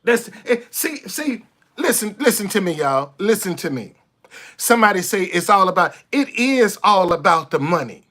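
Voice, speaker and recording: A man venting straight into his camera in a blunt, foul-mouthed rant. He hammers the same phrases again and again and trips over quick restarts when heated. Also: high voice, big pitch swings, fairly bright tone. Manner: blunt, profane, repeats himself for emphasis; stammers and restarts when fired up. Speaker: vlogger. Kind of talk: impassioned monologue to camera.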